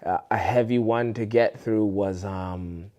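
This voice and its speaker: A man's voice: lowish voice, unhurried. A man who teaches street dance and is from Canada, telling a story in a casual interview and acting out what people said in a raised voice. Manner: animated, acts out quoted people in a raised voice.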